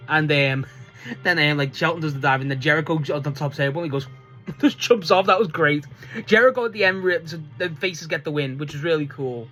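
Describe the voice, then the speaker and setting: A man's voice: on the high side, brisk, sharp tone, soft background music. A man reviewing a wrestling show in a casual, rambling way, swearing often and laughing mid-sentence. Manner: rambling, full of restarts and filler.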